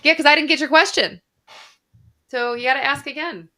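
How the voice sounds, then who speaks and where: Bright-voiced woman doctor chatting on a livestream. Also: sits high, fairly quick. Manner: chatty, reads viewer comments aloud, mild swearing. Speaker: doctor hosting a live Q&A. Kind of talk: casual livestream chat. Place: Arizona.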